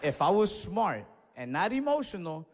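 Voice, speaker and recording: A man doing stand-up storytelling on a comedy club stage, animated, acting out voices and yells. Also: sits high, normal speed, slight background noise. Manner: animated, acts out voices and yells in his stories. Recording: stage mic in a reverberant venue.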